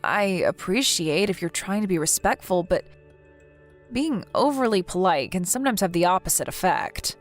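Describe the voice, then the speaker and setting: A woman's voice: fairly low pitch, lively intonation, moderate pace, faint music behind. A woman voicing a text story, earnest, indignant and protective in tone.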